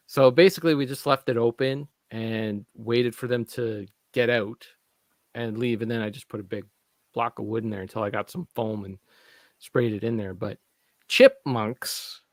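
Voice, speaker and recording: A man from Canada co-hosting a casual chat show, wandering through an anecdote with plenty of ums and restarts. His voice sits at an ordinary middle pitch. The recording is close and dry, with no room sound. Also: steady tone, moderate pace, dry recording. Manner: rambling storytelling with many fillers and restarts. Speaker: podcast co-host.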